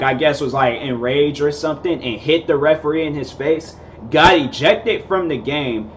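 A man's voice: mid-range voice, a bit bright, a little hiss or hum. Laid-back rambling young man. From Seattle area, USA. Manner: rambling, filler-heavy, laid-back slang. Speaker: vlogger host. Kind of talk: casual storytelling.

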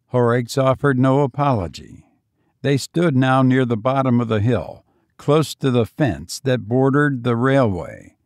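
A male narrator reading a classic story at a slow, deliberate pace. His voice has a gravelly texture and rises and falls expressively, sounding close and dry. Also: mid-range voice, lively intonation, dry recording. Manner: measured, dramatic storytelling. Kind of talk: audiobook narration.

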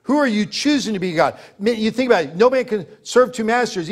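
A man's voice: sits high, animated, brisk, few pauses. A man preaching a sermon as pastor, emphatic and full of rhetorical questions, laughing as he tells stories.

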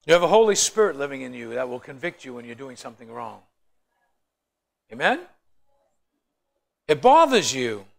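Gravelly man teaching Bible study. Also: medium pitch, big pitch swings, moderate pace, pauses often. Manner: joking, storytelling, asks the group questions.

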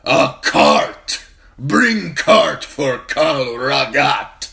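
A man voicing a proud warrior chieftain who speaks in broken, clipped, forceful words. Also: lowish voice, drawn-out words, pitched above the performer's own voice, full character voice. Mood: commanding scorn. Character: proud horse-lord warrior chieftain, male.

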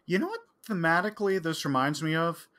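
A man co-hosting a casual podcast discussion, relaxed and measured, with occasional fillers. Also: fairly high pitch. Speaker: podcast co-host.

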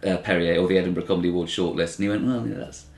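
Low-pitched, darkish and racing, with fairly even intonation, this thirtysomething British man is a comedian in a conversational interview. He wanders through his answers, pausing to imitate quoted voices, in a roomy-sounding recording.

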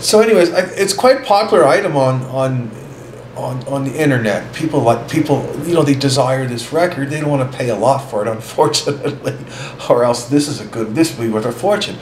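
A man's voice: mid-range voice, a little fast, darkish tone, reverberant, slight background noise, poor audio. A man hosting a record video, chatting casually with an enthusiastic, rambling delivery. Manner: rambling, enthusiastic, repeats words. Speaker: host of a record channel.

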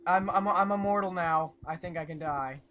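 A man hosting a casual gameplay commentary, excitable and prone to bursts of panicked yelling. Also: high voice, moderate pace, dull audio, heavy background noise. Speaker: gaming channel host.

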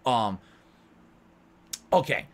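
A man giving a rambling, unscripted movie review, repeating himself as he goes. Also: very slow. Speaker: video reviewer.

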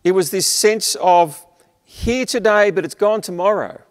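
An Australian male preacher delivers an earnest, emphatic sermon in a fairly high voice. He slows down to stress key phrases and lets his lines trail off softly. His voice carries a long reverb, as if filling a large hall. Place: church, streamed online.

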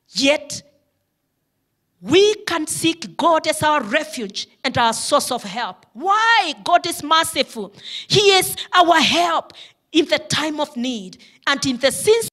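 A woman's voice: high voice, sharp tone. A woman pastor preaching a sermon, fervent and building to impassioned pleas.

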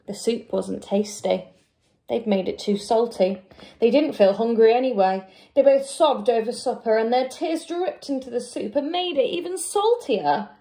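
A teacher reading a picture book aloud to young children, with an expressive, drawn-out delivery. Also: female voice, on the high side. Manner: expressive, drawn-out, lively character voices.

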